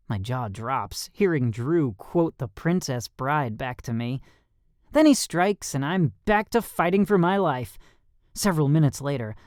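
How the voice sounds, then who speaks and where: Man narrating with lively, swinging pitch. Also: no echo, studio quality. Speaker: audiobook narrator. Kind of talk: first-person audiobook narration.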